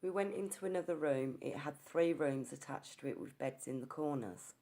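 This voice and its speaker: A woman ghost hunter from England tells the story of her ghost-hunting experience, earnest in tone and now and then restarting her words. Her voice sits low and mellow, at a moderate pace.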